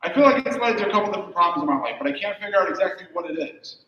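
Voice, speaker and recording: A man's voice: high-pitched, animated, very fast, bright, forceful tone, slight background noise. A young man doing stand-up comedy, chatty and teasing the audience with questions. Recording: muffled echoey room from far off.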